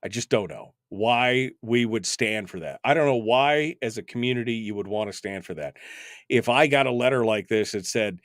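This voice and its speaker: A man's voice: medium pitch, moderate pace, no room sound, clean studio sound. A man in his fifties hosting a talk radio show, delivering a wry, exasperated, rambling monologue full of asides. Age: 50s.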